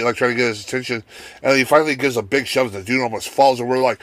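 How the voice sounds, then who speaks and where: A man at a mid pitch spins profane work stories in a loose podcast chat. He mimics the people in each story as he goes, and his voice sits close and dry on the mic with no room around it. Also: fast, fairly bright tone, no room sound. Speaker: guest, wrestler telling work stories.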